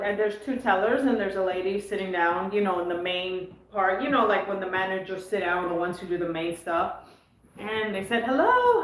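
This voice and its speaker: A woman co-hosting a casual chat, telling a story in an animated way. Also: mid-range voice. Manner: animated, acts out quoted voices. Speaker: co-host of a tennis channel. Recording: echoey room.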